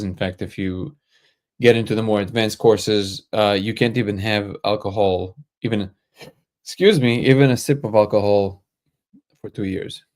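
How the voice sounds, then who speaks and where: Male livestream host, slightly low pitch, easygoing, thinks aloud while answering chat. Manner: relaxed, thinks aloud, joking asides. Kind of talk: casual live chat answering viewer comments.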